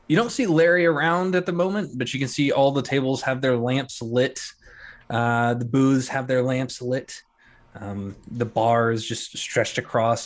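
A man narrating as game master of a tabletop game, in a loose, chatty way with lots of fillers. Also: mid-range voice.

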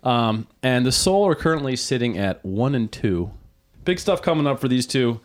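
A man hosting a casual podcast, talking with friends around the table. His pitch rises and falls widely as he reacts, and he often breaks into laughter and gasps. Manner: animated, quick gasps and laughs. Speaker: podcast host.

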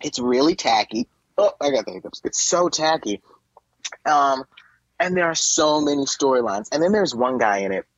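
Animated, husky-voiced man ranting. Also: medium pitch, moderate pace, no echo, lo-fi sound. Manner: rambling, animated retelling with mocking quoted voices. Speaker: podcast co-host. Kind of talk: casual chat.

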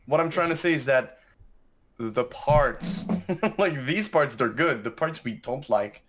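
A man's voice: mid-range voice, animated, slow pace, background noise. A man in his thirties on a casual podcast chat, rambling, sarcastic and swearing freely. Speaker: podcast co-host.

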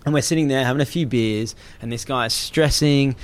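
A young Australian guy tells a story in casual conversation, swearing freely and acting out the people involved. He's animated, with a medium-pitched voice and a fairly quick pace.

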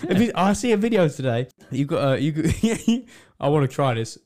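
Brief: male co-host, very lively pitch, giggly, short quick reactions. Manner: laughs often, short reactions. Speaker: podcast co-host. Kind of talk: casual chat.

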